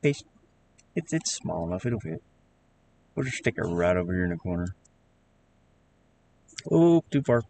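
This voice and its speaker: A lower-pitched man with a Southern drawl talks loosely as he works through a live stream. He rambles and restarts phrases in a relaxed, unscripted way, with a faint noise underneath. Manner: rambling, halting, restarts words. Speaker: game developer streamer. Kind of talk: casual live-stream chat while working.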